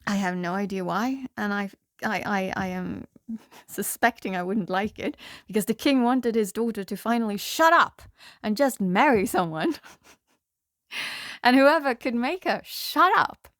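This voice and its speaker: Norwegian woman reader, rambling and laughing, mid pitch, dry. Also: a little slow, a bit bright, dry recording. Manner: laughing often, rambling, self-interrupting. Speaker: tarot reader. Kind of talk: rambling casual storytelling.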